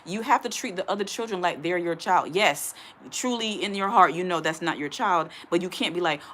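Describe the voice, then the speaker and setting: A young woman from Ohio, USA, reads a news article aloud to her viewers, adding blunt, emphatic commentary and occasionally stumbling over the text. Her voice is lowish and fairly bright, with lively intonation and a brisk pace, plus a bit of hiss or hum.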